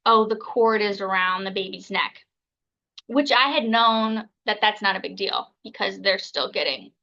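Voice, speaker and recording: A woman in her thirties tells a story as a podcast guest, chatting freely with lots of fillers and acting out other people's lines. Her voice is bright and forward. The audio is a little dull and muffled. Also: mid-range voice. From United States. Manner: chatty, filler-heavy, acts out others' words. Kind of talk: casual storytelling.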